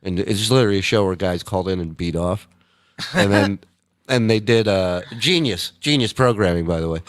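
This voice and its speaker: A man hosting a casual livestream, reading out viewer messages in a loose, profane way and breaking into loud, high impressions. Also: normal speed, dry recording. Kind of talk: casual chat.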